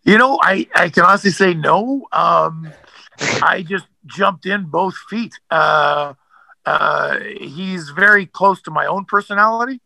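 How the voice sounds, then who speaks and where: A man's voice: sits high, a little slow, vocal fry, bright, forceful tone, dry recording, poor audio. A man, an actor, telling stories as a guest in a casual interview, rambling with many fillers and restarts.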